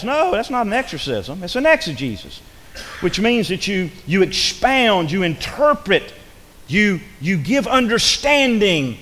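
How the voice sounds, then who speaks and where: A man preaching a sermon in a folksy, repetitive way, swinging between loud emphasis and hushed asides. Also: high voice, sing-song, unhurried. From rural upbringing. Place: church. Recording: long hall reverb.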